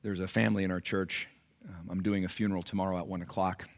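A middle-aged man, a pastor, preaching a sermon that moves between quiet storytelling and loud, high-pitched exhortation. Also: little pitch movement, quick pace.

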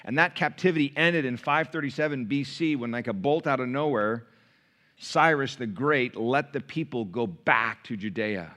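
Man, pastor, evening sermon, emphatic preaching, repeated phrases, mid-pitched voice. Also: moderate pace, bright, forceful tone. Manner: preaching with rising emphasis and repetition.

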